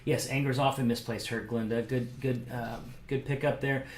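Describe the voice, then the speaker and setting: A man's voice: mid-range voice, moderate pace, reverberant, a little hiss or hum. A man, a pastor, leading a casual small-group Bible lesson for online viewers, talking conversationally and acting out quotes. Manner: animated, acts out quotes, conversational fillers. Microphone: microphone, streamed to viewers.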